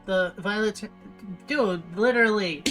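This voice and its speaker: A woman's voice: medium pitch, a little slow, over music. A young woman chatting casually while she livestreams, rambling with lots of fillers and restarts. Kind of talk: casual chat while streaming.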